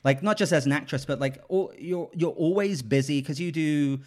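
A man's voice: on the high side, moderate pace. A man hosting a podcast, talking in an enthusiastic, rambling way. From England. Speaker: podcast host. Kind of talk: casual podcast chat.

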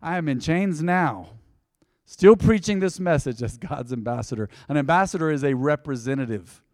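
A man's voice: fairly high pitch, lively intonation, normal speed, darkish tone, no room sound, clean studio sound, big-room sound. A man preaching a sermon as pastor, talking in a loose, joking way and calling on the congregation to answer back. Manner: conversational, joking, calls on the congregation to respond. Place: church sanctuary.

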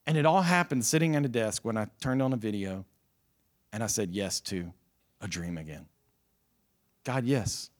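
A man's voice: lowish voice, fairly quick. A middle-aged man preaching an earnest, impassioned sermon as pastor, repeating his phrases for emphasis. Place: church service. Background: soft music from the band.

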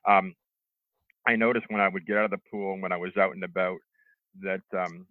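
A middle-aged man telling how he recovered from a stroke, halting, with lots of restarts and fillers. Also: deep voice, little pitch movement, dry recording. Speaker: stroke survivor interviewee. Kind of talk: telling his own recovery story. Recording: tinny phone line, dry.

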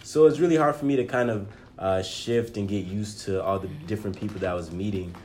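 A man's voice: lowish voice, a little fast, darkish tone, slight background noise. A young man from Nigeria, a podcast guest, earnestly telling his story in casual chat.

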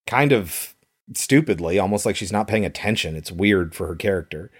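A man's voice: deep voice, animated, moderate pace, husky. A man co-hosting a casual podcast about a film, explaining scenes conversationally. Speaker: podcast co-host.

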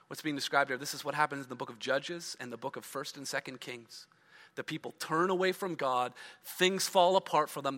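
In a big hall with long, lingering reverb, a male pastor reads a scripture passage and then unpacks it, building emphasis before letting lines fall away. His voice sits high and sounds pushed and bright.

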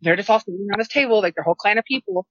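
Woman co-host, casual storyteller, expressive and profane, dry lo-fi sound. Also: medium pitch, racing, no room sound. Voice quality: animated, profane, exasperated. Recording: dry, slightly dull lo-fi sound.

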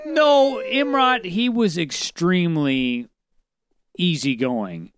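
A man hosting a podcast in casual chat, excitable, rambling and profane. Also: high voice, takes it slowly, background noise. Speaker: podcast host.

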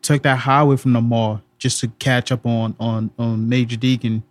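A male podcast co-host with a New York accent, talking casually in a halting way with many fillers. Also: medium pitch, level tone, no echo. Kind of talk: casual chat.

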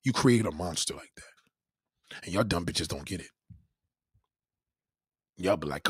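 A man hosting a podcast, telling crude stories in an animated, profane monologue. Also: deep voice, measured pace, pauses often, breathy edge, no echo, clean studio sound. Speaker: podcast host. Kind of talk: casual comedic monologue.

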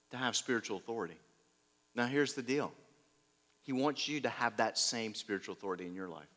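Male pastor, slightly high voice, lively storyteller, long hall reverb. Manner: lively storytelling, shifts loud and soft, laughs. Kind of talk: sermon.

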